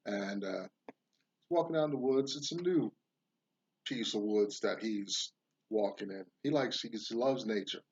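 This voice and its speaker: A man hosts a rambling monologue and drifts into telling a folksy parable. He speaks slowly in a husky voice. The recording is slightly dull and lo-fi. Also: fairly low pitch, a little mellow. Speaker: podcast host. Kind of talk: casual monologue with storytelling.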